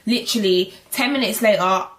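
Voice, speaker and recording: A woman's voice: mid-range voice, brisk. A young woman in her twenties with a London accent, chatting casually and animatedly to her viewers in a vlog, often out of breath. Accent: London English. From England. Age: 20s. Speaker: vlogger. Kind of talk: casual pregnancy vlog chat.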